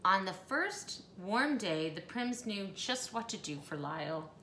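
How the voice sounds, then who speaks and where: A woman reading a children's storybook aloud with expressive, animated delivery and playful asides. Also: medium pitch, unhurried, a little hiss or hum. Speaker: storybook reader. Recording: echoey room, faint ambience.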